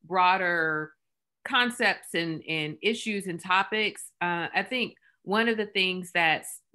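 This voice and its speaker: A woman hosting an interview, speaking haltingly with frequent restarts. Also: on the low side, pushed and bright. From South Carolina. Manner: halting, many fillers and restarts. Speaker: host. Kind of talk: conversational interview.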